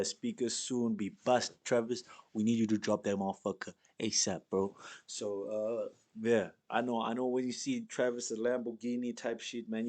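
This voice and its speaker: Deep-voiced young man rambling solo. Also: darkish tone. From South Africa. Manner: loose, rambling, swears often, reads lists aloud. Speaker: podcast host. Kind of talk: casual solo stream chat.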